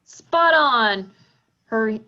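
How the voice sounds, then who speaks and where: A woman's voice: on the high side, animated, drawn-out words, muffled recording. A woman reading the part of a smug banker who sells bonds, speaking in a breezy, dismissive way over a video call.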